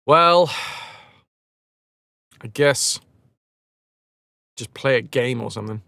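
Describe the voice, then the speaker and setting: A man's voice: medium pitch, takes it slowly, gravelly, sharp tone, no echo, clean studio sound. A man live-streaming a game, chatting casually with viewers in a rambling, self-mocking way and swearing freely.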